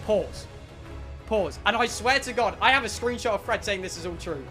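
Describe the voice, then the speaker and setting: Excitable high-voiced British young man. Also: faint music behind. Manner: excitable, swearing, dramatic pauses. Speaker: streamer. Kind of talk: animated storytelling to a live chat. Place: home streaming room.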